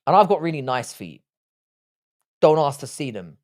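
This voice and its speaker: A man's voice: on the high side, very animated, moderate pace, a little mellow. A young man hosting a casual live stream from a desk mic. He reads the chat aloud and answers it in a blunt, crude, joking way, swearing freely. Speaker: livestream host reading chat. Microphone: desk microphone, seated.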